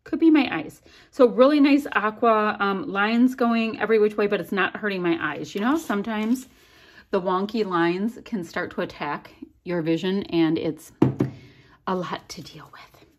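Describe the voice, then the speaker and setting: A woman hosting a crafting channel, chatting casually and excitedly through an unboxing. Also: mid-range voice, moderate pace. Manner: chatty, bubbly, easily delighted.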